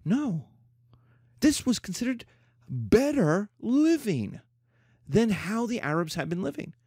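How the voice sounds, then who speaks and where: A middle-aged male teacher gives a classroom lecture, full of emphasis and repetition. His voice sits a little high and swings widely in pitch. The sound is dry and close, with no room echo. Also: takes it slowly, slightly rough. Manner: animated, emphatic, with playful mock voices. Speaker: history teacher.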